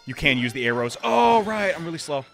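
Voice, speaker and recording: A young man giving loud, excitable, jokey commentary as a let's play host. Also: on the high side, brisk, vocal fry, over music.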